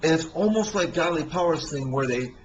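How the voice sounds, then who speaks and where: Man, rambling monologue, halting, restarts, slightly high voice, faint background noise. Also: expressive, highs cut off. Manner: halting, many restarts and fillers. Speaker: speaker telling personal stories.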